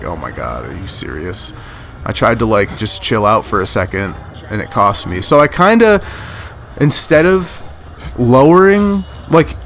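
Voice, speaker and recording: A man's voice: mid-range voice, a bit bright. Chatty man rambling over gameplay. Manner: rambling, chatty, lots of fillers and self-corrections. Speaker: gaming commentator. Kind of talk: casual gameplay commentary.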